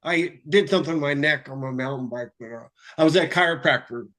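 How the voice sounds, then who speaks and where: Excitable, profane man, highish voice. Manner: explains chemistry in quick lecture bursts. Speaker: guest, water filter developer. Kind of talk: casual interview talk.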